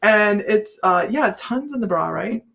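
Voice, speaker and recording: A woman's voice: medium pitch, expressive, a little slow, vocal fry, a bit bright. A middle-aged woman hosting a casual live chat with viewers, chatty and self-mocking, breaking into laughter often. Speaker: host of a psychic live chat.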